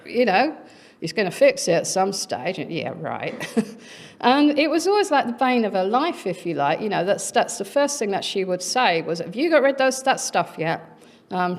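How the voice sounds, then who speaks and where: Conference speaker, woman, middle-aged, anecdotal and chatty, voices the people she quotes. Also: medium pitch. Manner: chatty, frequent fillers, acts out quoted voices. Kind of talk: conference talk, personal anecdote.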